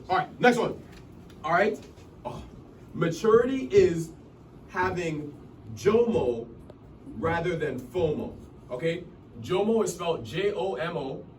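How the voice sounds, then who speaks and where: A man's voice: fairly high pitch, a little hiss or hum. A man in his twenties from Massachusetts gives a motivational talk to a room, chatting casually and often checking that his listeners follow. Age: 20s. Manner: casual, keeps checking in with the audience. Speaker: motivational speaker at a business meeting. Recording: distant mic in a room with faint ambience.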